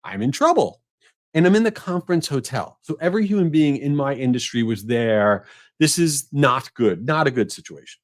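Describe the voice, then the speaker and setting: A middle-aged man hosting a podcast, telling an embarrassing story in a casual, animated, self-mocking way. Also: moderate pace. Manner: animated, self-mocking, rising to a high squeal at punchlines. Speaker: podcast host.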